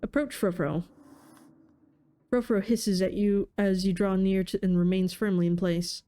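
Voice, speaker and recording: A woman reads a story game's narration and choices aloud, adding playful asides. Her voice is mellow and smooth, with a relaxed, casual delivery. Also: medium pitch, measured pace. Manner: playful, laughs at her own reading. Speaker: let's player. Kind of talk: reading game text aloud with casual commentary.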